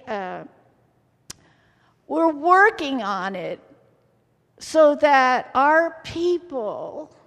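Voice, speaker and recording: A woman with a high voice preaches slowly and deliberately, acting out the story with theatrical energy. Her words ring through a church hall with long reverb. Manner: lively, acts out the story. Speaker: pastor's wife preaching. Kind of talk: sermon.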